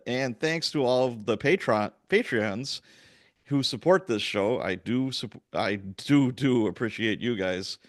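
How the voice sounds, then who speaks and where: A man's voice: mid-range voice, animated, unhurried, dry recording, studio quality. A man hosting a podcast in casual chat, with a Chicago and Wisconsin accent touched by Irish, laughing easily and joking. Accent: Chicago and Wisconsin, with some Irish influence. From US Midwest. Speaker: podcast host.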